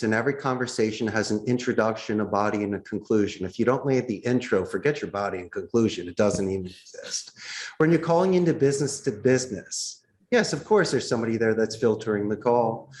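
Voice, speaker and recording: Animated man coaching sales tactics. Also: mid-range voice, brisk. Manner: enthusiastic, acts out phone calls with bright voices. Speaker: call center CEO, interview guest. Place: in Costa Rica.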